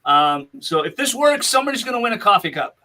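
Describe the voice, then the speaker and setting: High bright-voiced chatty male podcast host. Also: sing-song, quick pace, slight background noise. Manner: chatty and rambling, laughs often. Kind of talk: casual podcast chat.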